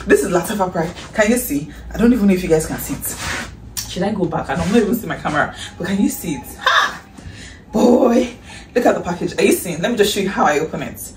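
A woman with a Nigerian accent chatting in a casual haul vlog, excitable and gushing, breaking into shrieks and breathy exclamations. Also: fairly low pitch, quick pace. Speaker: vlogger. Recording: echoey room, distant mic, faint hiss.

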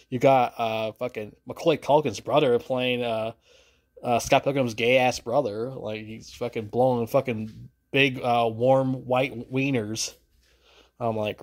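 A man's voice: fairly even intonation, measured pace. Swearing man ranting about a film. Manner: crude, swearing, sudden pitch jumps. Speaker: film reviewer. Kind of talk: profane rant to camera.

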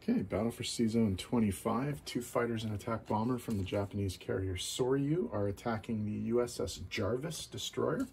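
Gravelly man calling board game dice rolls. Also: lowish voice, moderate pace, hardly any pauses. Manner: steady, methodical, calls each dice roll. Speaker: board game player narrating his game. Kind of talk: play-by-play board game commentary. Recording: loud background noise.

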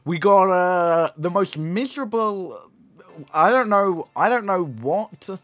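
A young man, live-streaming and teasing viewers in excitable, joking banter. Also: sits high, slow pace. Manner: teasing, excitable, swears and laughs often. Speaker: livestreamer. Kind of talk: casual live-stream commentary.

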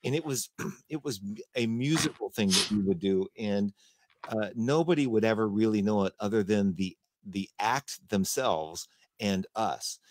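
A man hosting a casual conversation, talking in a halting way and often restarting his sentences. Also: fairly low pitch. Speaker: host.

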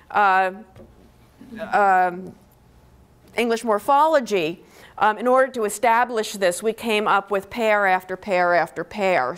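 A woman's voice: medium pitch, clear, resonant tone. A woman professor giving a university lecture on linguistics, explaining step by step and often checking in with "okay?" between points. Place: lecture hall.

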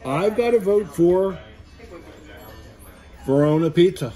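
Man, food-review co-host, lively and jokey, slightly high voice, faint music behind. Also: slow pace. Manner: enthusiastic, wisecracking. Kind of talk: casual food-review chat.

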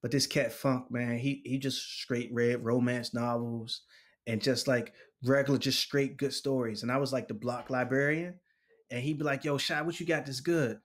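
A man in his forties, a poet, recounts stories during an interview in an easygoing, slang-heavy, energetic style. He acts out what others said and laughs frequently, using a mid-range voice at normal speed.

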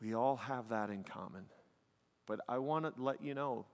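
Here a man with a medium-pitched voice and normal speed preaches a sermon as pastor of a church sanctuary. He talks emphatically and conversationally, with frequent "man" and "like" between points, and the recording has the long reverb of a large hall.

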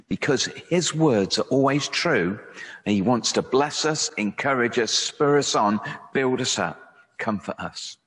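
Slow-spoken preacher in a reverberant church. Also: male voice, medium pitch. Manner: slow, gentle, reflective delivery with soft pauses. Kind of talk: sermon.

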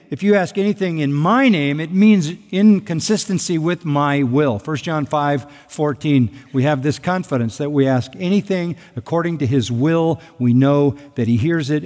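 A male pastor delivers an expository sermon with an emphatic, repetitive cadence, doubling back on key phrases for weight. His voice sits on the higher side for a man. A long hall reverb trails every line. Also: moderate pace, few pauses, a little mellow.

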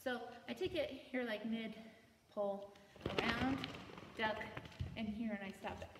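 A woman's voice: fairly high pitch, measured pace. A woman walks a group through a routine, scatting the music and counting beats aloud as she works out each move. She is caught from a distance in a big, echoey indoor space with a long reverb tail and plenty of background noise. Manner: thinks aloud, hums the beats, counts out loud. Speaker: color guard choreography instructor. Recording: roomy, echoey, from far off, noisy.

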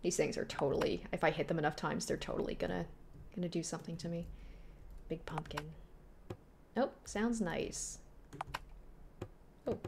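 A woman commentates live on a horror game, startled one moment and muttering to herself the next. Her voice carries a gravelly fry. A faint hiss sits under the desk mic, with keyboard clicks behind it. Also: lowish voice, normal speed, pauses often. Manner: jumpy, reactive, talks to herself and reads game text aloud. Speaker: streamer playing a horror game.

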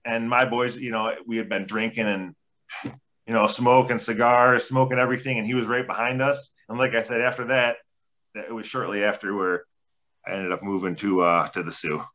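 A forceful, bright-toned man in his forties spins rambling, profanity-laced stories as a podcast guest. The audio is dull and lo-fi. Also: lowish voice, fairly even intonation, brisk. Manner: profane, rambling anecdotes with acted-out quotes. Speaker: podcast guest, former hockey player. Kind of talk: casual storytelling. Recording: dull lo-fi sound.

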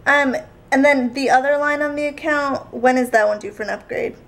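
A young woman vlogging in casual chat, talkative and quick to argue. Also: high voice, vocal fry. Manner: chatty, argumentative, quick back-and-forth.

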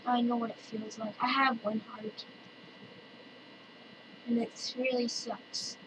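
A woman chatting excitedly through her own gameplay and calling out to other players. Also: fairly high pitch, slow. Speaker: let's-play gamer. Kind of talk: casual gameplay commentary. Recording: distant mic with loud noise.

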